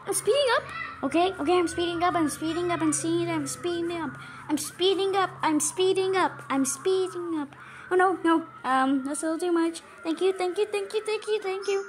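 A woman voicing a squeaky, cheerful male cartoon mouse who rambles nervously while reacting to a video, breaking into frantic yelps. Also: normal speed, noisy background. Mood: panicked. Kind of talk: in-character reaction commentary.

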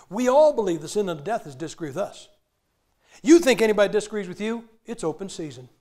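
A man preaching with a fairly high voice. He tells stories animatedly, acting out other people's lines and bursting into sudden shouts. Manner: animated storytelling, acting out quotes with sudden loud outbursts. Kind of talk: sermon.

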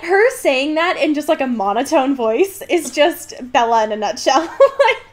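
A woman's voice: high voice, moderate pace. A woman co-hosting a casual podcast, recapping a book with lots of laughs and fillers. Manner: giggly, animated, lots of fillers. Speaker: podcast co-host.

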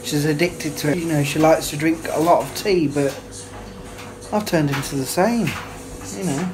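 Speaking at a normal speed with a fairly high pitch, a cheerful male family vlogger tells the camera about his evening at home and chats with his kids, laughing frequently. It's a noisy recording made indoors in the family kitchen.

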